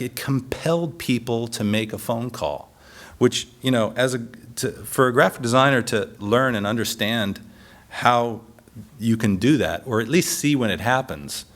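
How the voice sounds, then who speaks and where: A man giving a design lecture, telling stories in an animated way and often laughing. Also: medium pitch. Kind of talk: lecture with anecdotes.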